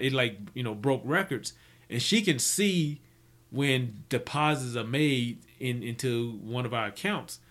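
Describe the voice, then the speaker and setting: A man's voice: medium pitch, fairly bright tone. A man telling stories from his business life in a rambling, casual way, full of restarts and fillers. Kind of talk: casual storytelling.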